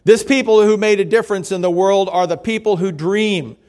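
A man preaching a sermon, telling stories and reading quotes aloud, slowing down for emphasis. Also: high voice, a little mellow. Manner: measured storytelling, reads quotes aloud, slows for emphasis. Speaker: pastor.

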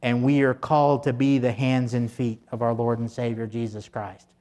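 A man's voice: mid-range voice, little pitch movement, normal speed, dark tone. A man preaching a sermon in a conversational, folksy way, full of fillers and restarts. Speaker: pastor.

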